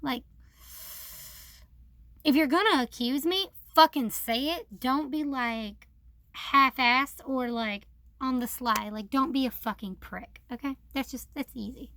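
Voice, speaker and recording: A young woman with a high voice talks straight into a dry, close mic. She tells a personal grievance casually, swearing freely and mocking the people she quotes, with plenty of filler words. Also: a bit bright, no room sound. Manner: frank and profane, with many fillers; aggrieved, quoting others in a mocking tone. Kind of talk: casual vlog storytelling.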